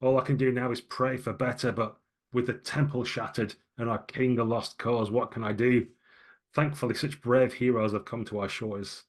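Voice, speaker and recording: A man's voice: mid-range voice, level tone, normal speed, natural voice. A man voicing an older, pious male priest who laments his lost youth, solemn and regretful. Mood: lamenting.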